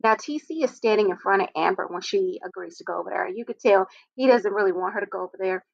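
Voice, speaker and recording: A woman's voice: medium pitch, fast talker, vocal fry, dry recording. A woman hosting a casual recap chat, retelling scenes and adding blunt, opinionated asides. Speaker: host of a reality TV recap show. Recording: dull, lo-fi audio.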